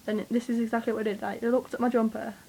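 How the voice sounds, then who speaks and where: Young girl ranting to her camera, kinda high voice, rambly and swears a lot, lots of ums. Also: rapid-fire, vocal fry, husky, low-quality recording. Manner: rambling, excitable, swears freely, many fillers. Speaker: vlogger. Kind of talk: casual storytelling to camera.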